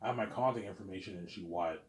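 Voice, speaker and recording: A man's voice: deep voice, fast. Rambling man in an echoey room. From lives in Quebec, Canada. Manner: rambling and repetitive, tags lines with "obviously". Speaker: vlogger. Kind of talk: casual rambling monologue.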